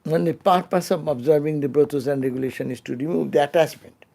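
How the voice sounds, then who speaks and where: This unscripted spiritual lecture comes from a swami holding a scripture class in a temple hall. His male voice is fairly high, gravelly and mellow, with fairly even intonation, and he teaches slowly, stumbling through restarts and fillers before softly trailing off.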